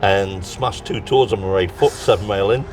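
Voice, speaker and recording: A man with a Tyneside accent telling stories as an interview guest in a lively, laughing way, acting out what people said. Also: fairly low pitch, normal speed, far from the mic, over music. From North East England. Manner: lively, laughs through his stories, acts out quotes. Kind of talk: casual storytelling chat.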